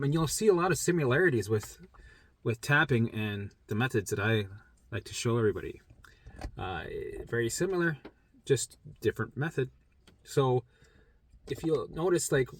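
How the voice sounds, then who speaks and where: A man's voice: medium pitch, lively intonation, normal speed, long pauses. A man talking casually to camera, rambling and repeating himself as he explains something.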